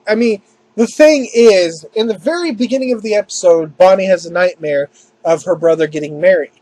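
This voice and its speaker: A man giving a casual spoken review of an anime episode. He rambles, restarts his sentences often and slips into quick mock voices for the characters. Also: high-pitched, a little mellow, dry recording, low-quality recording.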